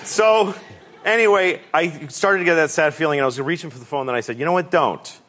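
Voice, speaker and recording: A man's voice: a little high, animated, brisk, fairly bright tone. A man telling a comic story as a talk show guest, acting out voices and quotes and laughing often.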